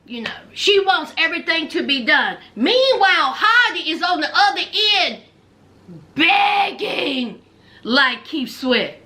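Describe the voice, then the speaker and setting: Sassy high-voiced woman recapping reality TV. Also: big pitch swings, slow pace, sharp tone. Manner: sassy, sarcastic, slangy asides to viewers. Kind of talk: casual reality show recap commentary.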